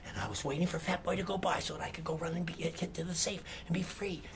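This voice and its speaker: An older man from Hawaii tells a spooky tale for children in a thick Hawaiian Pidgin accent. His delivery is theatrical, sinking to hushed tones and then rising with excitement. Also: fairly high pitch, quick pace, a little hiss or hum. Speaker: storyteller. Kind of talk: spooky story for kids.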